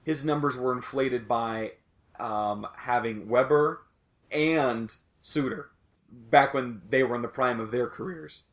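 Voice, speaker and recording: A man's voice: medium pitch, takes it slowly. A young man hosting a casual sports podcast, rambling loosely and swearing now and then. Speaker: podcast host.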